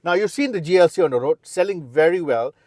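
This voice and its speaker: A man reviewing a car in a chatty, explanatory way, addressing the viewer directly. His voice sits a little high. The sound is close and dry. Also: animated, fast, darkish tone, dry recording. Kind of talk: casual car review walkaround. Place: beside and then inside a car.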